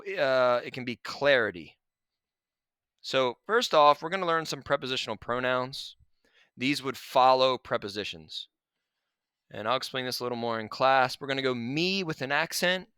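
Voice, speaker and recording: A man teaching a grammar lesson over slides, relaxed and chatty, with asides to his students. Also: mid-range voice, clean tone, dry recording. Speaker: Spanish teacher.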